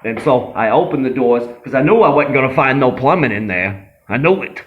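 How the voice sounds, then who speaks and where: A man's voice: medium pitch, lively intonation, brisk, lo-fi sound, voice pushed up, natural voice. A man voicing a brash, boastful young tough guy who rambles, swears and brags in a comedy sketch. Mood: cocky. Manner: cocky, rambling, swearing, self-aggrandizing.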